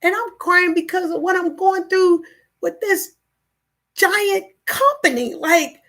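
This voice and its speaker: A woman's voice: very high-pitched, slow, a bit bright. A woman in her thirties venting emotionally in a personal vlog, tearful and repeating herself as she talks. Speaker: vlogger.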